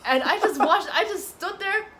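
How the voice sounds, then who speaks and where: A young woman who works as a cosmetics counter manager, telling a customer story in an expressive, incredulous way. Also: a little high, normal speed, heavy background noise. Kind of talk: casual storytelling chat.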